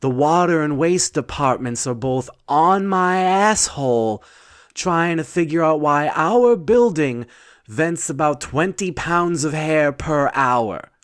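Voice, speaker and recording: A nervous, fussy landlord, played by a man in a comedic spoken story. His voice lifts higher than plain speech, stumbling over words in a flustered, pleading way. The pace stays slow and drawn out. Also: animated, clean tone. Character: fussy, anxious male landlord.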